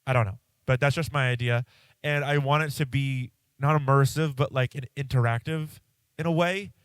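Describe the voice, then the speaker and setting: A man's voice: medium pitch, steady tone, moderate pace, smooth, dry recording. A congested man hosting a podcast, chatting casually and rambling, cutting himself off and swearing now and then. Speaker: podcast host. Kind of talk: casual solo podcast chat.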